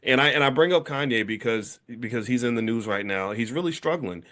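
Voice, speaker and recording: A man's voice: medium pitch, expressive, brisk, fairly bright tone. A middle-aged man hosting a casual conversation, talking in a rambling way with many restarts and fillers. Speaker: host, founder of a business school.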